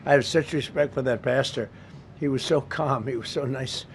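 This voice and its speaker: A man in his seventies makes off-the-cuff remarks at a press briefing in a government briefing room, speaking into a podium microphone. He's blunt and repetitive, with rambling asides, in a medium-pitched voice at normal speed. There's a little hiss or hum.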